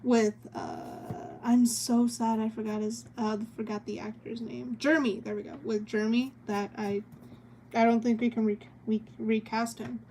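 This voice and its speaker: A woman's voice: a little high, little pitch movement, normal speed, dark tone, a little hiss or hum. A young woman streaming as she draws, chatting casually with a giggly, rambling manner. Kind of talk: casual chat while drawing on stream.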